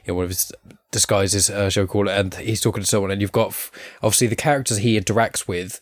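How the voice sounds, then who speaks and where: A man's voice: fairly low pitch, fairly even intonation, fast talker, no room sound. A man chatting casually on a podcast, talking in a hesitant, filler-heavy way.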